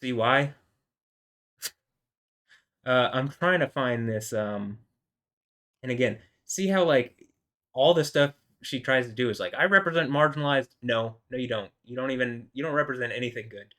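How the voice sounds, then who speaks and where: A man's voice: medium pitch, unhurried, pauses often, a bit bright. A man rambling in an indignant solo commentary, full of filler words and restarts. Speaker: video host.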